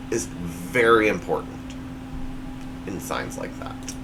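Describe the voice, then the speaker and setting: Animated man hosting a comedy show. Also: background noise. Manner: jokey, reads punchlines with big pitch swings. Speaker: show host. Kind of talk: comedy monologue.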